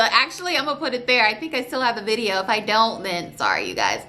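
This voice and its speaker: Bright-voiced woman vlogger telling a story. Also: on the high side, fast talker, hardly any pauses, faint music behind. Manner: emotional, tearful at times, holding back crying; animated storytelling with voiced quotes. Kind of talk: casual storytime vlog.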